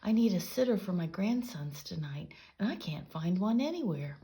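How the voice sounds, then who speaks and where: A woman's voice: lowish voice, lively intonation, normal speed, dark tone. A woman voicing a fussy grandmother who frets and dotes on her grandsons. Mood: fretful. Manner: fretful, doting.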